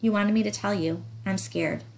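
A woman's voice: medium pitch, steady tone, normal speed, gravelly, a little mellow, lightly acted, poor audio. A woman reading the part of a frightened young woman who pleads anxiously with her lover in dialect. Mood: scared, pleading.

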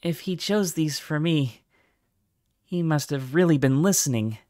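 A man's voice: fairly high pitch, unhurried, warm tone, dry recording, studio quality, voice pushed up, natural voice. A man voicing a young female dragonet who sounds anxious and urgent. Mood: wondering.

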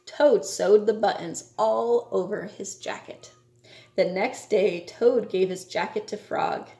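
A woman reading a children's storybook aloud in a slow, measured way. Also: mid-range voice, creaky, darkish tone. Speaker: reader. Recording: echoey room.

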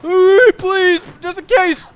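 A man doing live gameplay commentary as a streamer, excitable and swearing as he yells at the game. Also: extremely high pitch, slow. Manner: excitable, cursing and yelling at the game. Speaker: gaming streamer.

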